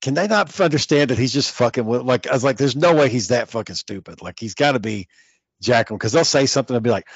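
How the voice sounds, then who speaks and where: A man's voice: mid-range voice, fast talker, breathy edge, no echo. A man chatting casually and swearing a lot as he retells stories with quoted voices. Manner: profane, animated storytelling with quoted voices. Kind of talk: casual chat. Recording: muffled dry sound.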